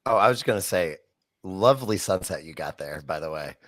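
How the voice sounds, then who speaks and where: A man with a lowish voice and a lively, swinging pitch jokes around and plugs the show on a casual sports podcast. He sounds playful and loose, recorded close and dry. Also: a little fast, no echo. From Louisiana. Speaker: co-host.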